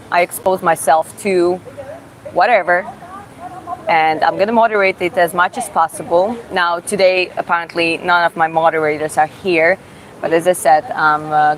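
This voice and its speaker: A woman with a Georgian accent and a slightly low voice runs a casual live Q&A. She reads viewers' questions aloud and answers in halting, self-taught English. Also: poor audio. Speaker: livestreamer answering chat questions.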